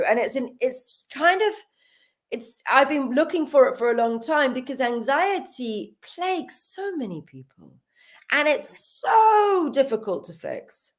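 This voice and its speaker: A woman, a healer guest on a podcast, telling stories in casual chat with frequent laughs and acted-out dialogue. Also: a little high. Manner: animated, laughs often, acts out quoted dialogue.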